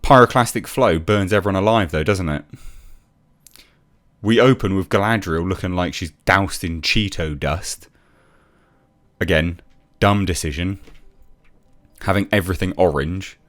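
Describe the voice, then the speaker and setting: A man's voice: deep voice, unhurried, pauses often, fairly bright tone. A man reviewing a TV episode in a sarcastic, exasperated rant, swearing freely. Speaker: TV show reviewer. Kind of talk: ranting video review.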